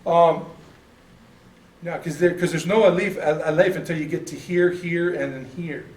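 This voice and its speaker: A man's voice: a little high, steady tone, moderate pace, darkish tone. An American man teaching an informal church class, rambling and correcting himself in a folksy way. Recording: echoey room, mic at a distance.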